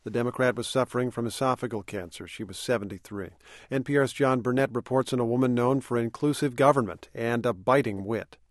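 A man anchoring radio news, reading a scripted introduction in a brisk, formal way. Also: medium pitch, no room sound, clean studio sound.

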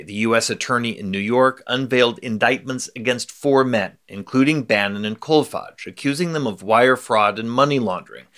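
A man reporting a radio news story in a measured, scripted delivery. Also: mid-range voice, a bit bright.

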